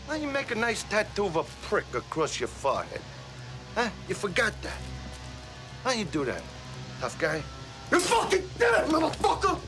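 A hot-headed, foul-mouthed man who hurls insults and shouts. His voice sits high and leaps all over the place as he rants. A film score plays behind him. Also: heavily acted. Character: hot-tempered, foul-mouthed man, quick to pick fights. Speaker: abrasive customer in a film scene. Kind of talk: film acting.

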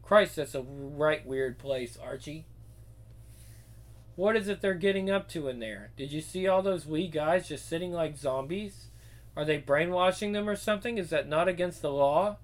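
A man's voice: a little high, normal speed, natural voice. An actor with a Scottish accent playing a working-class ex-soldier turned security guard and father, blunt and plain-spoken. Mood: uneasy. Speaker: film character. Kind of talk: film drama acting.

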